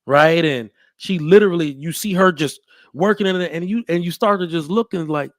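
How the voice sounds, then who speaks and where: A man's voice: fairly high pitch, brisk, no echo, clean studio sound. A man hosting a casual podcast chat, telling stories and acting out the people he quotes. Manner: animated storyteller, acts out quotes. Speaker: podcast host.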